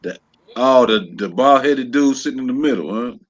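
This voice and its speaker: A man on a casual podcast, speaking in a hesitant, measured way and often trailing off. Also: medium pitch, dull audio.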